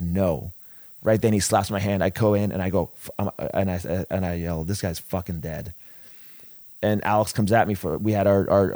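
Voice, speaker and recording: Man, low voice, rambling profane storyteller, dry close mic. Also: dark tone, dry recording. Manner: rambling, profane, many restarts. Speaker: wrestler telling a story. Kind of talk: casual podcast storytelling.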